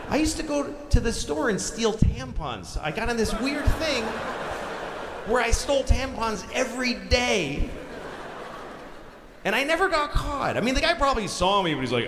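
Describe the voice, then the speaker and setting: A middle-aged man doing a stand-up comedy set, telling a story with lively delivery, acting out voices and swearing freely. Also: sits high. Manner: animated storytelling, acts out voices, swears a lot. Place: large theater stage. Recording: live hall recording with reverb and audience noise.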